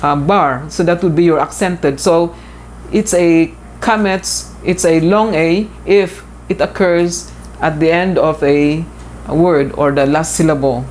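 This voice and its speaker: A woman teaches in a recorded lecture, her voice sitting on the low side. She explains patiently, repeating key points and pausing on fillers. A faint hiss runs underneath. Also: steady tone, a little mellow. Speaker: instructor.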